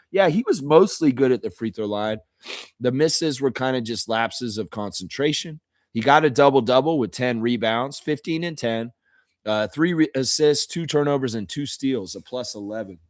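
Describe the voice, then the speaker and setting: A man hosting a live fan reaction stream, hoarse and tired from shouting at a game, talking in an emotional, excitable, rambling way. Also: mid-range voice, no echo, studio quality. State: hoarse, voice worn out. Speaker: fan channel host.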